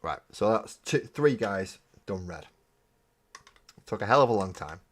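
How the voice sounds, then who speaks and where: A man's voice: fairly low pitch, lively intonation, a little slow. A man hosting a casual live stream while painting miniatures, rambling and joking, with casual swearing. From Britain. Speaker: streaming hobby host.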